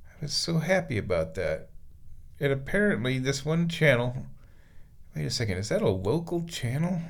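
A man sits in a bathtub in his bathroom, chatting away to his cat in a loose, rambling monologue. His voice has a gravelly fry to it, and his tone turns playful and doting whenever he talks to the animal. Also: mid-range voice, big pitch swings, moderate pace.

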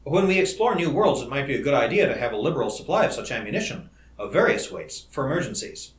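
A man reading a calm, cautious scientist. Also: medium pitch, close to an everyday voice. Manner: measured and cautious. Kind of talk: audiobook character reading. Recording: roomy echo.

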